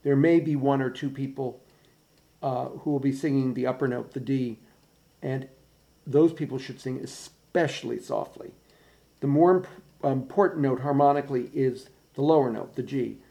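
A man directing a choir's bass section, patiently explaining how to sing each phrase and counting them in. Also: moderate pace, creaky, dark tone. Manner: patient, precise coaching with counting in. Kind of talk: choir rehearsal instruction. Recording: practice recording with piano.

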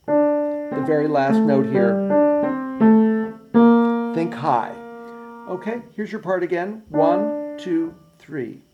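A man's voice: a little high, slow, pauses often, highs cut off. A man as a choir director giving precise, patient rehearsal instructions and counting in beats, with piano played alongside. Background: piano playing.

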